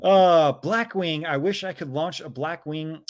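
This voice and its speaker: Higher-pitched man reading chat messages aloud. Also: measured pace. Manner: reads viewer messages aloud, chuckling. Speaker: livestream host reading chats. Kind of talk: casual live-stream chat.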